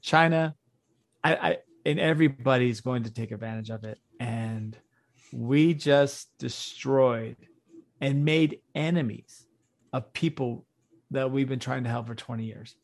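A man's voice: mid-range voice, unhurried. A young man co-hosting a podcast in casual political chat, blunt and swearing, laughing often. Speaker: podcast co-host.

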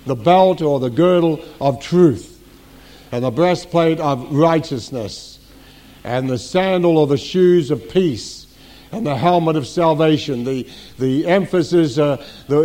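A middle-aged male pastor gives a teaching sermon in a church, his voice pitched fairly high yet soft and mellow in tone. He leans on repetition, circling back to key phrases and throwing rhetorical questions out to the congregation. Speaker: senior pastor.

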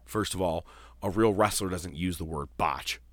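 A man with a lowish voice hosts a casual wrestling podcast. He tells his stories in a swearing, animated rush, full of asides. His voice is close and dry, with almost no room sound. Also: moderate pace, no echo. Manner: profane, animated storytelling. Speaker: podcast host.

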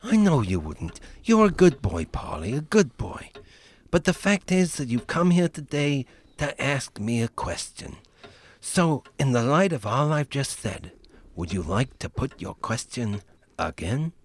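An actor playing a mafia godfather in a radio comedy sketch, swinging from sweet cheer to quiet menace. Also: medium pitch, sing-song, measured pace, breathy edge. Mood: paternal. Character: male mafia don godfather, genteel and menacing.

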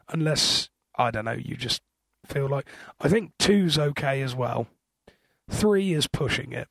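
Husky, gravelly man. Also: on the high side, no room sound, clean studio sound. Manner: hesitant, rambling, wry. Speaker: podcast co-host. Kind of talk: casual chat.

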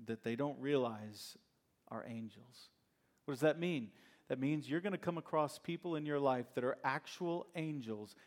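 A male pastor preaching a sermon in a conversational, storytelling way, with plenty of rhetorical questions. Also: medium pitch.

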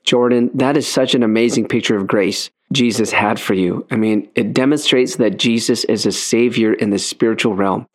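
Measured male talk-show host. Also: mid-range voice, fairly even intonation. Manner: measured, sums up and asks questions.

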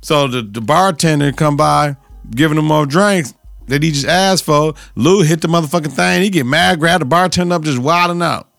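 A man's voice: fairly high pitch, moderate pace, gravelly, fairly bright tone, dry recording, soft background music. A man hosting a podcast, recapping a TV episode in loose, slang-heavy casual chat with repeated catchphrases.

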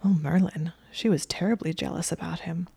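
Woman, story narration, low voice, gravelly, soft, drops to whispers, dry close sound. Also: steady tone, moderate pace, dry recording. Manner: soft, often dropping to a whisper.

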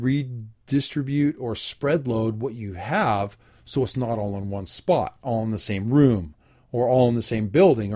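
A man's voice: mid-range voice, warm tone. A man hosting a spoken commentary, reading aloud from an article and breaking off for dry, wry asides of his own. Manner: plain, unhurried, frequent filler ums and uhs. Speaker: host.

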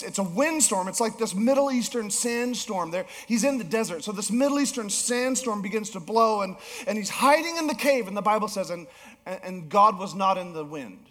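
A male pastor preaching a sermon, telling a story with animated swings between emphatic peaks and low, soft passages. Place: church auditorium. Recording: long hall reverb.

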